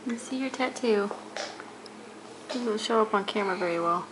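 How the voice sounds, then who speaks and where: A woman's voice: mid-range voice, a little fast, a bit bright, slight background noise. A woman filming her young children at home on a handheld camera, cooing and teasing them in a casual family vlog. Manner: playful, cooing and teasing talk to young kids.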